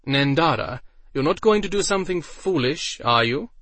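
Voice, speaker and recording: A man's voice: fairly high pitch, expressive, moderate pace, a bit bright, dry recording, pitched above the performer's own voice. A man voicing a polite young nobleman host who speaks in a reasonable, placating tone.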